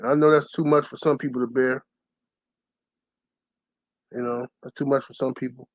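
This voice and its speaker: A young man ranting to his channel's viewers, telling a story in a loud, profane, heated way and shouting the lines he quotes. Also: mid-range voice, steady tone, normal speed, pauses often, dry recording. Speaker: channel host. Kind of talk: profane storytelling rant to camera.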